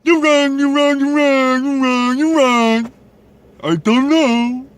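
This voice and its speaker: A man with a Southern accent putting on a frantic, panicky simpleton who yells the same thing over and over. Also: extremely high pitch, steady tone, unhurried, pitched above the performer's own voice. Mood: frantic mocking. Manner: yelling, repetitive, mocking.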